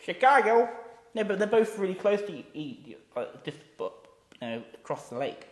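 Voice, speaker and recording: A man's voice: a little high, very animated, a little fast, darkish tone, roomy sound. An Englishman co-hosting a podcast, teasing and interjecting in casual chat. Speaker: podcast co-host.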